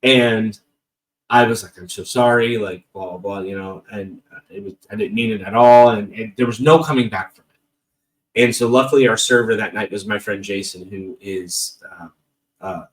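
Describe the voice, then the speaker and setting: A man's voice: on the low side, normal speed, distant mic, low-quality recording. A man telling funny stories about himself on a podcast, in a jokey, self-deprecating and rambling way. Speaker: podcast guest. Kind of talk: casual storytelling.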